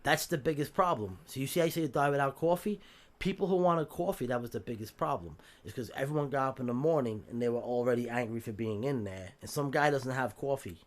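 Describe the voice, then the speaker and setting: A man's voice: medium pitch, fast. A man with a New York accent telling jail stories on a podcast in a casual, streetwise way, swearing freely and acting out the voices he quotes. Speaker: podcast guest. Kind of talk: casual storytelling.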